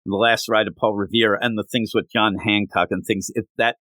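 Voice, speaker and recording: A man co-hosting a podcast, chatting casually in an animated, rambling, joking way. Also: on the low side, fairly quick, no echo. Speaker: podcast co-host. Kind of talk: casual chat.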